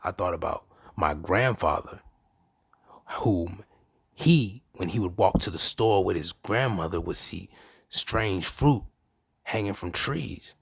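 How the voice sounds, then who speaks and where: Gravelly-voiced man hosting a podcast. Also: slow, no echo, clean studio sound. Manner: animated, profane, swings between low murmurs and loud bursts. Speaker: podcast host. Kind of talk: casual monologue.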